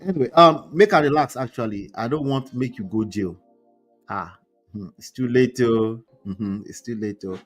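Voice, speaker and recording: A man's voice: medium pitch, normal speed, soft background music. A man hosting a casual live stream, reading posts aloud and reacting with chatty asides. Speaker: relationship commentary host.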